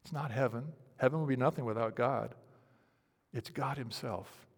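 A male pastor delivering a sermon in a medium-pitched voice. He preaches dramatically, swinging from loud pleading to hushed near-whispers. The voice carries a long reverb, as if recorded in a large church hall. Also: moderate pace, husky.

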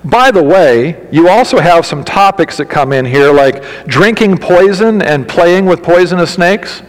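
Emphatic high-voiced male pastor preaching. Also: lively intonation, unhurried, in a large hall, poor audio. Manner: emphatic, addresses congregation directly with questions and humor. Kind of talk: sermon.

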